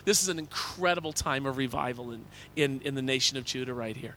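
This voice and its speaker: A man's voice: on the high side, a little fast, hardly any pauses, bright, forceful tone. A man preaching a sermon as a pastor, earnest and conversational, often repeating words and asking "okay?".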